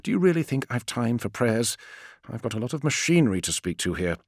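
A coolly arrogant pilot snaps out clipped, condescending replies, as a male reader voices him. The voice stays low and steady, recorded close and dry with no room around it. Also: brisk, husky, no room sound. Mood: curt. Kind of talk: audiobook character voice.

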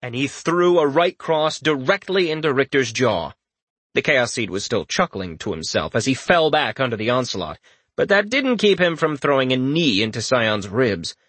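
With a breathy edge to his mid-range voice, a man narrates a fantasy audiobook expressively at a moderate pace. The recording is dry.

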